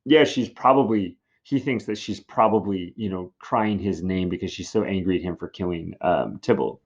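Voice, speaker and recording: A man's voice: low-pitched, moderate pace, muffled recording. A man teaching in a casual classroom style, chatty and full of fillers as he explains a play.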